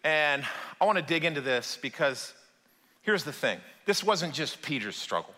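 A man preaching a sermon to a live congregation, animated and acting out the voices in the stories he tells. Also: on the high side, normal speed. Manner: animated, acts out voices in quotes. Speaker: pastor. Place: church hall with audience. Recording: long hall reverb.

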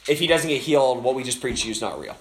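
A man preaching at a camp as pastor, telling his story in a casual and animated way, acting out the voices of the people in it with many fillers. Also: mid-range voice, racing, echoey room. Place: speaking at a camp.

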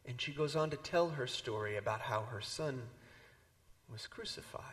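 A man preaching a sermon, telling a story and moving between loud emphasis and hushed, near-whispered lines. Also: mid-range voice. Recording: long hall reverb.

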